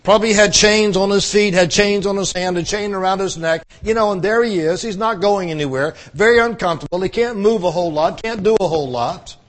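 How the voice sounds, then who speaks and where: High-voiced man preaching a sermon. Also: brisk, hardly any pauses. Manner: conversational preaching with restarts and emphatic repetition. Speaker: pastor.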